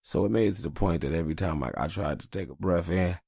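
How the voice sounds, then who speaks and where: Gravelly low-voiced man, rambling podcast host. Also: fast talker, mellow, no room sound, studio quality. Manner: rambling and profane. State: tired. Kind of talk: casual podcast chat.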